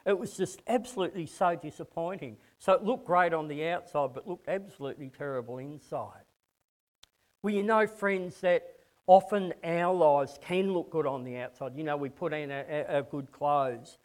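High-voiced man preaching. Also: normal speed. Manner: conversational, repeats words when starting phrases. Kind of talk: sermon.

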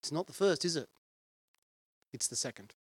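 A man's voice: a little high, lively intonation, moderate pace, breathy edge, no room sound. A male pastor preaching a sermon in an earnest, conversational way and putting questions to his listeners.

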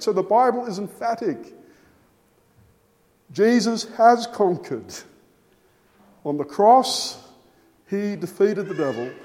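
A man preaching a sermon, emphatic, with his voice rising and falling for stress and measured pauses. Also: high-pitched, dark tone. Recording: long hall reverb.

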